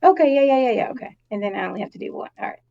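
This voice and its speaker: A woman playing a tabletop game, relaxed and laughing between dice rolls. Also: fairly high pitch, racing, gravelly. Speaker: player. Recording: dull lo-fi audio.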